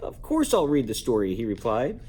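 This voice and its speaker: A man reading a children's book aloud at bedtime at home, lively and playful, jumping up in pitch to give each character a voice. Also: normal speed, a little hiss or hum. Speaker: parent reading a bedtime story. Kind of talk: bedtime story read-aloud.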